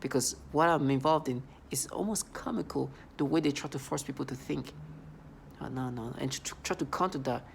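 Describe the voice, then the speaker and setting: A vlogger speaking in a halting, repetitive, accusatory monologue. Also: medium pitch, creaky, slight background noise. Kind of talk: angry vlog monologue.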